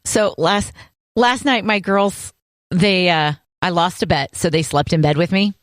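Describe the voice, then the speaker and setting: A woman's voice: on the low side, unhurried, dry recording, studio quality. A woman in her thirties co-hosting a podcast, chatting casually and telling stories with acted-out voices. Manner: animated storyteller, acts out quoted voices. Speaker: podcast co-host. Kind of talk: casual chat.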